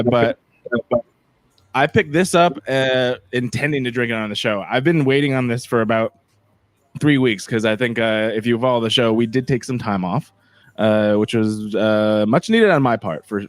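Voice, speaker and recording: A man's voice: mid-range voice, normal speed, no echo. Male podcast host, loose joking chatter, dry close sound. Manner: joking, filler-heavy, teasing. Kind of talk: casual chat.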